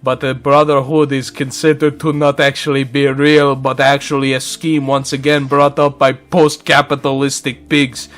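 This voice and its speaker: A man's voice: mid-range voice, flat delivery, moderate pace, few pauses, fairly bright tone, soft background music, lightly acted. A man voicing a grumpy male wraith who rambles through a breathless tirade. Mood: ranting. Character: grumpy male wraith, ranting about society.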